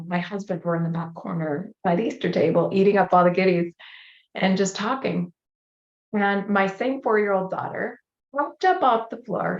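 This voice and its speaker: Earnest woman telling a personal story. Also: lowish voice. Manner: earnest, emotional retelling with acted-out quotes. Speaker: guest speaker. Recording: roomy, slightly dull audio.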